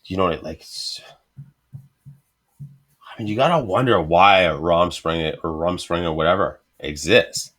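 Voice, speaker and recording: Brief: low-voiced male podcast host, crude profane banter. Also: unhurried, long pauses, fairly bright tone. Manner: crude, joking, heavy swearing.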